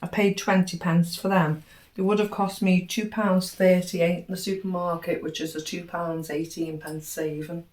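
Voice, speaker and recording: A fairly low, level, darkish voice belongs to a middle-aged vlogger from the UK who chats at normal speed about her grocery haul, cheerfully totting up prices and savings. The audio is roomy and faintly noisy, recorded from a distance.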